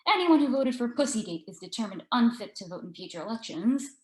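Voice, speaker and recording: A woman reading aloud plays a brash, sardonic TV hostess, pitched up and loud as she mocks, theatrical and cutting. The sound bounces around an echoey room. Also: big pitch swings, fairly quick. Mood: mocking. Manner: mocking and theatrical.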